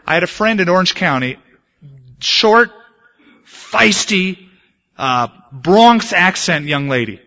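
A male pastor delivers a conversational sermon, weaving in stories and pushing into emphatic peaks. His voice sits a little high and sounds bright and forceful. The recording is dull and lo-fi, like an old church tape. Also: lively intonation, moderate pace. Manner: conversational preaching with anecdotes, rising to emphatic bursts.

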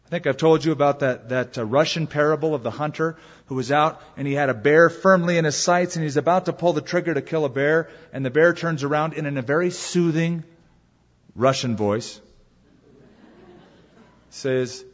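A man's voice: on the high side, fairly quick. Man preaching in a reverberant hall. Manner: dramatic storytelling, rhetorical questions. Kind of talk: sermon. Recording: dull reverberant hall recording.

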